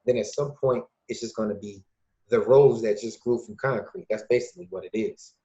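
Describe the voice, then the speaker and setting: A man from Illinois, a podcast guest and youth mentor, talking casually and acting out quoted dialogue with lively changes of voice. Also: fairly low pitch, a little fast. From Lake County, Illinois, USA. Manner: lively storyteller who acts out quoted dialogue. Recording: dull lo-fi recording.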